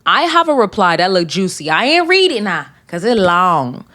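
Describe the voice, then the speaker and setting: A woman's voice: medium pitch, moderate pace. A young woman hosting a podcast, reading listener comments aloud and reacting bluntly with plenty of swearing. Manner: blunt and profane, reacting with animated asides. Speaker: podcast host.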